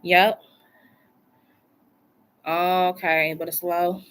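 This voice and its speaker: A woman's voice: lowish voice, flat delivery, extremely slow, a bit bright, clear, resonant tone. A woman doing a casual live tarot reading from home, chatty and colloquial, repeating phrases for emphasis. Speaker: tarot reader.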